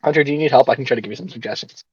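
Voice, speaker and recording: A man's voice: mid-range voice, racing, slightly rough, no echo, muffled recording. A man co-hosting a casual podcast, blunt and teasing, swearing freely. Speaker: podcast co-host. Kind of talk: casual chat.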